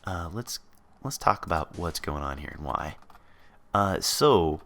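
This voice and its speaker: A man's voice: low-pitched, animated, measured pace, a bit bright. A man hosting a let's play, chatting casually and thinking aloud as he builds. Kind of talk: casual gameplay commentary.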